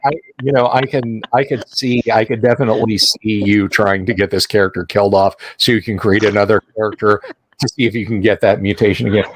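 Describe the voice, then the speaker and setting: A man's voice: lowish voice, fairly even intonation. Rambling man hosting a livestream. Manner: rambling, halting with many restarts. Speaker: game master and host. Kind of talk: casual livestream chat.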